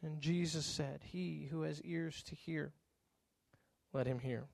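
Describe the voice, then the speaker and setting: A man preaching a sermon as pastor, animated and acting out little exchanges of dialogue with changing voices. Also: a little high, takes it slowly, creaky, no echo.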